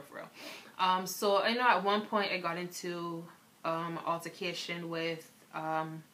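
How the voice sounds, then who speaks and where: A young Barbadian vlogger, her accent sliding toward American, tells stories to camera frankly and candidly, with plenty of "um" and "like." Her voice is lowish, bright, and forceful.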